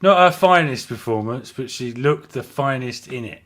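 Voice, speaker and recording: A man with a British accent hosting a live stream, chatting excitably about films and laughing often. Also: mid-range voice, moderate pace, a crowd in the background. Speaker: host. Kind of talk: casual live-stream chat.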